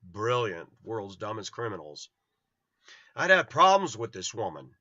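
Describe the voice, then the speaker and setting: On a dull, dry, lo-fi track with no room sound, a middle-aged Los Angeles man who vlogs rambles through personal anecdotes, blunt and fond of acting out quoted voices. His voice sits on the low side, sing-song and sharp, at a measured pace.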